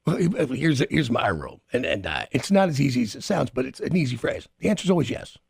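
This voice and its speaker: A man's voice: mid-range voice, big pitch swings, quick pace, gravelly, slightly rough, no room sound. A male radio host trading crude jokes and stories in loose, profane banter on a studio mic. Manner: loose, profane, jokey storyteller.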